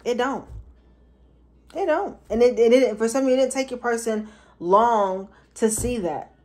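A woman's voice: a little high, moderate pace, a little mellow. Chatty woman giving a tarot reading. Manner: chatty, slangy, repeats herself for emphasis. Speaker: tarot reader. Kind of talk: casual tarot reading for viewers.

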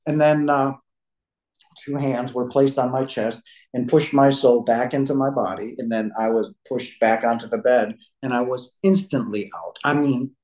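A middle-aged man, a podcast guest, telling a deeply personal story, emotional and near tears, his voice breaking with halting restarts. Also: darkish tone, echoey room, poor audio.

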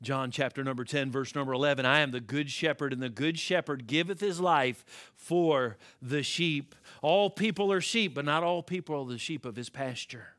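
A male pastor with an American accent, preaching a sermon and swinging from hushed, low passages to loud, climbing ones. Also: normal speed, hardly any pauses. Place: church sanctuary.

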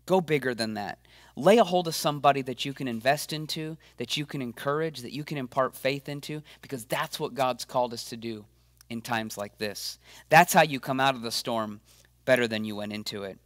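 Male pastor, middle-range voice, lively and encouraging video sermon, dry recording. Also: mid-range voice, a little fast, dry recording. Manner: energetic, encouraging, acts out quoted voices.

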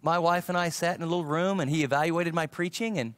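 A man's voice: a little high, fast talker, no room sound. Storytelling male pastor, dry close sound. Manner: animated storyteller acting out quoted dialogue. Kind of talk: sermon storytelling.

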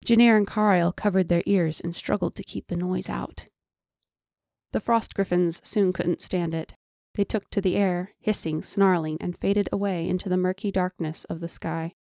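Low-voiced woman narrating a fantasy. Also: fairly even intonation, vocal fry, mellow, dry recording, clean studio sound. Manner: measured storytelling. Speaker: audiobook narrator.

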